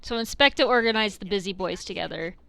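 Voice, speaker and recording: A woman's voice: mid-range voice, fast, vocal fry, pushed and bright. A woman hosting a let's-play, thinking aloud in casual, hesitant gaming commentary.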